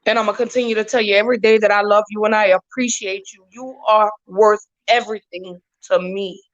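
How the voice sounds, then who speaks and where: A woman's voice: medium pitch, fairly even intonation, a little fast. Heartfelt woman guest, dull lo-fi audio. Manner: heartfelt, emphatic, repeats phrases. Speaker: podcast guest. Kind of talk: casual podcast talk.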